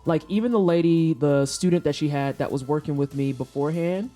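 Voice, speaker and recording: A woman in her thirties chats with her viewers in a relaxed, mellow voice. She tells her stories bluntly and candidly and swears without a second thought. Faint music plays low behind her desk microphone. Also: fairly quick, hardly any pauses. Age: 30s. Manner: blunt, profane, candid storyteller. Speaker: streamer chatting with viewers. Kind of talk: casual chat. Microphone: desk microphone for headphone listeners.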